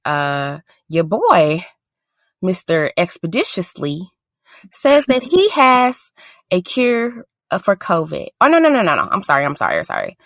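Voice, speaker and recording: A woman co-hosting a podcast, talking in loose casual chat. Her voice is bright and swings widely in pitch, and her delivery is blunt and sarcastic with frequent laughs. The recording is close and dry. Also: no room sound. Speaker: podcast co-host.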